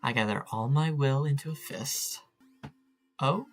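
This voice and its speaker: Casting: gravelly man, unhurried let's-play commentary, wry and self-mocking, faint music underneath. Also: medium pitch. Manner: chatty, self-mocking, reads game text aloud and banters with it. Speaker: gamer playing a text adventure.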